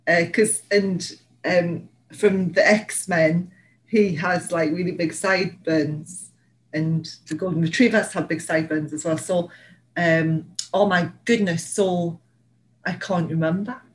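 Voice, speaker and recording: A woman's voice: lowish voice, fairly even intonation, takes it slowly, low-quality recording. A woman from England, co-hosting a casual chat and rambling through stories with lots of fillers and laughs. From Northeast England. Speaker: podcast co-host.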